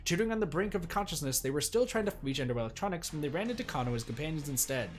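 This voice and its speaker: A man streaming a visual novel, reading its text aloud in an animated way and shouting excited reactions between lines. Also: fairly high pitch, racing, faint music behind.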